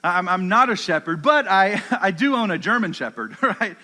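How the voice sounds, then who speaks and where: A man giving a casual, chatty youth sermon in a large hall, full of fillers, and talking to his dog in low, soft commands. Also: expressive, moderate pace. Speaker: youth pastor.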